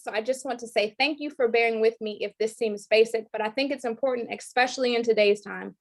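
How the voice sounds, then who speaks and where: Thirtyish woman educator on a video call, kinda high voice, earnest, rhythmic poem reading. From Detroit, raised in Georgia. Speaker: presenter, educator. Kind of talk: online training presentation with spoken-word poem.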